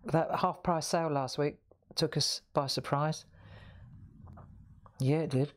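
A woman hosting a live coloring session on a craft show talks in a low, fairly even voice, slowly and with frequent pauses. Still, she's chatty, laughing often and questioning her viewers as she colors.

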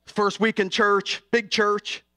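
A middle-aged man preaching an impassioned sermon, going from hushed to shouting. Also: high voice, flat delivery, slow. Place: college chapel.

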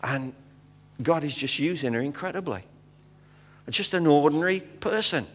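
A man's voice: a little high, normal speed. British man preaching in a reverberant church. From Britain. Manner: animated storyteller acting out dialogue, frequent fillers. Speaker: guest missionary speaker. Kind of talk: storytelling sermon. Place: church sanctuary. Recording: long hall reverb.

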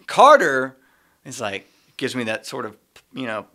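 Middle-aged male podcast co-host with a bright, forceful voice. He tells casual, lively anecdotes and laughs through them. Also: medium pitch, slow. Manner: animated, laughs often while telling a story. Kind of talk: casual storytelling.

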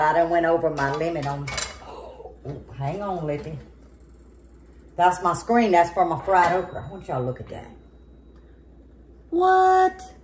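A woman's voice: fairly low pitch, a little hiss or hum. Folksy woman cooking at home. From southern United States. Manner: folksy, chatty, talks straight to viewers. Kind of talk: casual cooking demonstration. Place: home kitchen at the stove.

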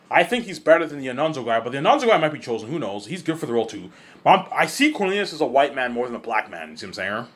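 Speaking in a slightly high voice, a male vlogger rambles casually and excitably through a monologue. Swearing comes freely, and he often stumbles and restarts his words.

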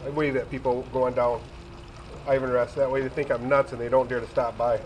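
A man's voice: mid-range voice, level tone, fairly quick, slight background noise, rough recording. A retired man in his sixties chatting casually and rambling to viewers while he cooks in his home kitchen. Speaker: vlogger. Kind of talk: casual home cooking vlog.

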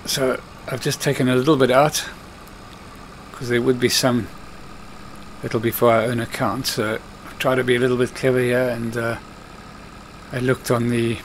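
A man's voice: mid-range voice, level tone, moderate pace, a little hiss or hum. A man giving casual commentary while playing a farming game, chatting to himself and scolding the computer-driven workers. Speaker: let's play host.

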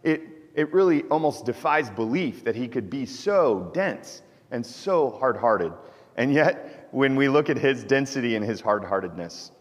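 Conversational preacher in a reverberant church. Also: male voice, mid-range voice, animated, measured pace. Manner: conversational preaching with frequent "right?" asides. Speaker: pastor. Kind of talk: sermon. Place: church sanctuary.

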